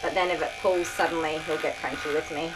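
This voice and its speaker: Tired groomer chatting over clippers. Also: female voice, sits low, fairly even intonation, fast, background noise. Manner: chatty, soothing the dog between asides. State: tired, sore back. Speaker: dog groomer. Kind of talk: casual vlog while grooming. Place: grooming room. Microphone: camera on a tripod. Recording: clippers buzzing behind.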